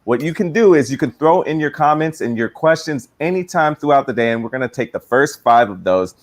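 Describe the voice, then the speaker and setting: A man's voice: medium pitch, lively intonation, brisk. Man, mid-range voice, co-host, upbeat, instructive, talking straight to viewers. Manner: upbeat, instructive, addressing the audience directly. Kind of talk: live-stream promo explanation.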